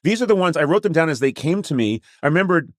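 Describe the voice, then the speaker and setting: A man's voice: on the high side, animated, fast talker, no echo. Middle-aged male podcast host, loose comic rambler, dry close-miked studio voice. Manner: rambling, self-mocking, jokey asides. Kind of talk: casual comedic chat. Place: Los Angeles podcast studio.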